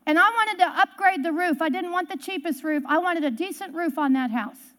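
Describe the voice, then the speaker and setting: A woman's voice: very high-pitched, brisk. A middle-aged woman preaching, telling a personal story and acting out the quotes. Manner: animated storyteller, acts out quotes. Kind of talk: storytelling sermon.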